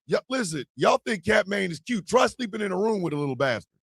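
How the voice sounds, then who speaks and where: A man hosting a casual morning show, loud and profane, often shouting and laughing as he talks. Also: high-pitched, sing-song, fast talker, gravelly, noisy background. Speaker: host of a morning stream show.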